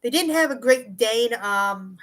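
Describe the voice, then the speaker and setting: Young woman, high voice, rambling casual storytelling, swears, restarts sentences. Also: animated, a little slow, a bit bright. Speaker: vlogger.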